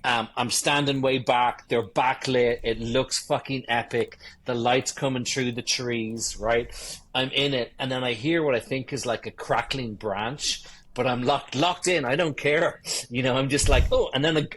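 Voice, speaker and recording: Husky man in his fifties. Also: mid-range voice, measured pace. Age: 50s. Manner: swearing, animated anecdotes. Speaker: guest wedding photographer. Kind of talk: casual interview storytelling.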